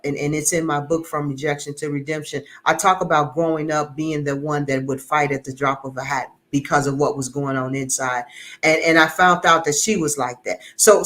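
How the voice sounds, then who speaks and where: As an interview guest, a middle-aged man shares an earnest, emotional personal testimony, frequently repeating words while searching for them. His voice sits on the high side, pushed and bright.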